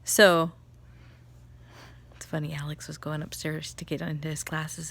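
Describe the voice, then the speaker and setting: A mother chatting casually about spiritual energy, telling family stories with animated laughter. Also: sits low, moderate pace, vocal fry, pauses often, husky. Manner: animated storytelling, laughs often. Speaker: vlogger, mother. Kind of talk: casual chat, spiritual reflection.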